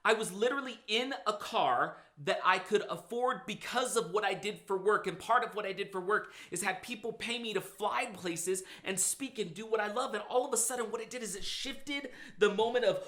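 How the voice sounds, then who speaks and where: Man, motivational speaker, bright and slightly high voice, acts out his own inner talk when telling a story. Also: brisk, hardly any pauses. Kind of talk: casual podcast conversation.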